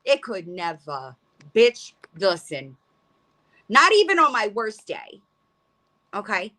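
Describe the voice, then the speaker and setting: A woman's voice: mid-range voice, very animated, slow, pushed and bright. A middle-aged woman hosting a livestream, ranting bluntly and profanely and rambling with frequent restarts. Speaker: livestream host. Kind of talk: casual livestream rant.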